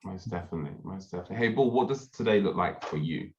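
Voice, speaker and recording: Playful low-voiced host over a call. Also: male voice, lively intonation, rapid-fire, crowd noise. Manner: playful teasing, laughs often. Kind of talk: casual interview, reading viewer questions. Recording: muffled video-call audio.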